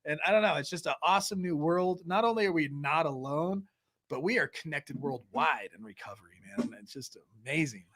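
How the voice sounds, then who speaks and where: American male podcast host, mid-high voice, casual, wandering, laughs easily. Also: animated, brisk, a bit bright. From United States. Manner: rambling, laughing, talkative. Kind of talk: casual chat.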